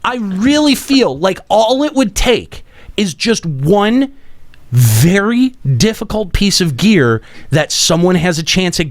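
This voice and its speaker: Animated high-voiced male podcast host. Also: no room sound. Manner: animated, emphatic, swears freely, many restarts. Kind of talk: casual gaming podcast chat.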